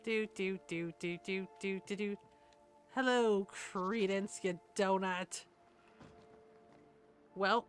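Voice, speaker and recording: A woman's voice: medium pitch, steady tone, slow pace, pauses often, soft background music. A woman streaming a game, chatting casually and rambling, with bursts of indignation. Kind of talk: casual gameplay commentary.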